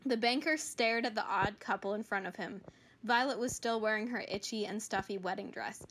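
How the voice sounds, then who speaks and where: A woman's voice: mid-range voice, normal speed, background noise. A woman casually reading fan fiction aloud, hesitant, with fillers as she gives context.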